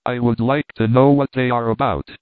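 A man voicing an excitable Scottish hunter who talks in an eager, urgent way, in a storybook reading. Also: medium pitch, moderate pace, no room sound, close to an everyday voice. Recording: tinny phone-like dry sound.

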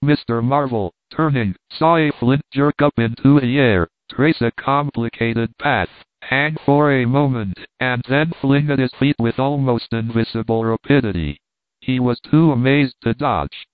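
A man narrates a classic novel in a measured, plain reading voice of middling pitch. The recording is dead dry, with no room around it, and squeezed thin like a phone line. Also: dry recording. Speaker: audiobook reader. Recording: tinny, dry phone-like sound.

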